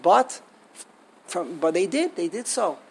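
A man giving a lecture on a liturgical poem, halting and restarting often and asking himself rhetorical questions. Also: high voice, big pitch swings, vocal fry, darkish tone, slight background noise, low-quality recording. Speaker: Torah teacher.

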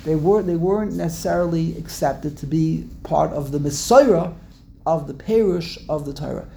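Gravelly, digressive male teacher. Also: a little high, moderate pace, dark tone, a little hiss or hum. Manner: digressive, repeats words, restarts often. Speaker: Torah teacher. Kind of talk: casual Torah class.

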